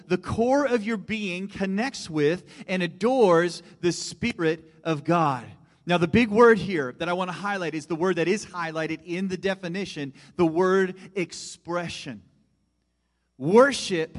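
Animated male preacher in a reverberant hall. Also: high-pitched. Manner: animated preaching, swings from loud emphasis to hushed asides. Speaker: pastor. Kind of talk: sermon.

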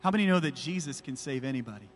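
A man's voice: medium pitch, animated, fast, a little hiss or hum. A man preaching a sermon as pastor, pressing his point with emphatic, repeated rhetorical questions. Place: church. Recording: reverberant church hall.

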